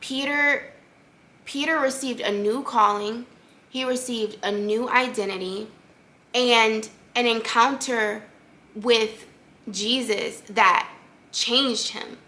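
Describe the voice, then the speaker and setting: A woman's voice: a little high, takes it slowly, pushed and bright. A young adult woman hosting a faith podcast, talking in an earnest, conversational way with lots of fillers. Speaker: podcast host. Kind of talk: casual faith-based podcast monologue.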